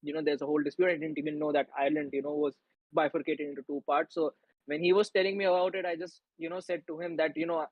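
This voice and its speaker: A man's voice: a little high, flat delivery, fast, no room sound, highs cut off. A young man from India co-hosting a live football watchalong, chatting casually and reading out viewer messages. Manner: chatty, reads out chat messages. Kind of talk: casual live-stream chat.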